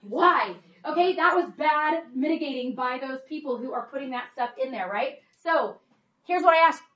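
A high-pitched woman in her forties speaks to a live audience as a homeschool presenter. She talks in a chatty way, filling her sentences with "like" and checking in with "right?" and "okay?". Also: lively intonation, normal speed, sharp tone. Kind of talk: workshop talk to an audience.

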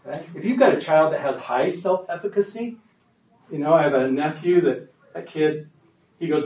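A man with a somewhat high voice gives a workshop talk to parents, conversational and emphatic, often pausing to check that the room follows him. He is caught from a distance, and the room adds a noticeable echo around his voice. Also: lively intonation, a little mellow, slight background noise.

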